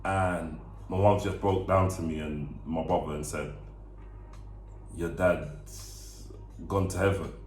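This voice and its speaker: A young man tells a personal story on a vlog, earnest and halting, often stopping to repeat himself. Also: low voice, steady tone, darkish tone, slight background noise. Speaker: vlog co-host. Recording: echoey room.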